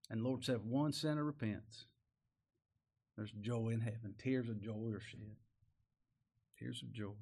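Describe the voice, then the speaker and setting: A man preaching a sermon, reading old-style scripture and commenting in plain, folksy talk. He swings from loud emphatic peaks to low, quiet asides. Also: steady tone, a little slow, vocal fry, pauses often, husky. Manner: reads old-style scripture verses aloud.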